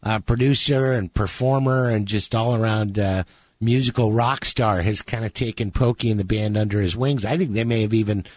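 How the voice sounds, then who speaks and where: A man's voice: on the low side, moderate pace, dry recording. A man hosting a radio music show, chatting casually and joking with his guest. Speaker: radio host.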